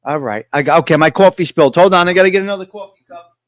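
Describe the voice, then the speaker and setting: A man's voice: high-pitched, racing, low-quality recording. A man hosting a casual live-stream show, boastful and joking, often repeating himself.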